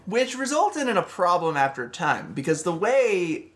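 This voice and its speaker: A man's voice: high voice, sing-song, moderate pace. A man co-hosting a casual podcast, laying out a historical story at length with fillers and easy laughs. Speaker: podcast co-host presenting the episode's topic.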